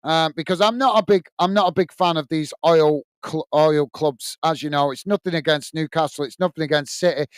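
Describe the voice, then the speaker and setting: Male British livestream host, chatty, lots of fillers; higher voice, clear tone. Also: a little fast, hardly any pauses, dry recording. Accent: British English. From United Kingdom. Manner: chatty, many fillers and restarts, friendly asides to viewers. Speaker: host of a football fan livestream. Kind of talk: casual live chat reading viewer comments.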